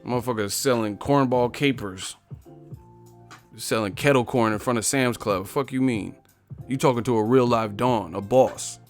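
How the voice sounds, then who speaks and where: Brash, mocking livestream host. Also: male voice, medium pitch, moderate pace, soft background music. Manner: confrontational, profane, mocking. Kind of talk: live-stream chat, roasting commenters.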